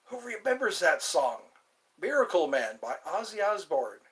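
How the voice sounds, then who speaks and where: A man's voice: high voice, sing-song, moderate pace, fairly bright tone, breathy edge. A man hosting a casual livestream, rambling between topics and greeting viewers as they join. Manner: rambling, drifts between topics and hums snatches of songs. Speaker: livestream host.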